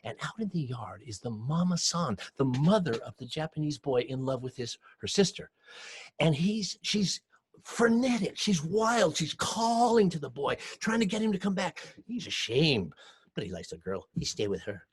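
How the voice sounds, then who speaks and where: A man with a Hawaiian Pidgin accent telling a story aloud, acting out voices and dropping to hushed whispers. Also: a little high, moderate pace, breathy edge. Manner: animated, acts out voices, shifts from shouts to hushed whispers. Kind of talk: oral storytelling. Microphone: home recording for video call show.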